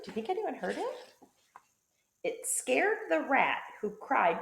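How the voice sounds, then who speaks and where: A woman teacher reading a picture book aloud to children, playful and expressive. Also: fairly high pitch, unhurried, creaky, echoey room. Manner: playful, expressive storytelling with sound effects.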